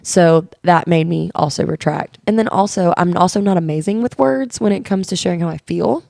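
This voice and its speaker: A woman's voice: lowish voice, brisk, gravelly, a little mellow, dry recording, studio quality. A woman co-hosting a podcast, talking candidly and earnestly in casual chat, telling stories and quoting conversations. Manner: earnest, open storytelling with quoted dialogue. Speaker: podcast co-host.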